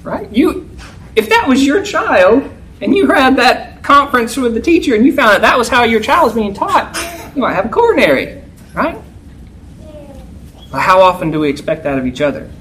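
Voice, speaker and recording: A man's voice: very animated, normal speed, long pauses, a little hiss or hum, poor audio. A man preaching a sermon in a conversational way, often checking in with "right?". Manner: conversational, keeps asking "right?"; acts out a yelling teacher in a loud, high voice.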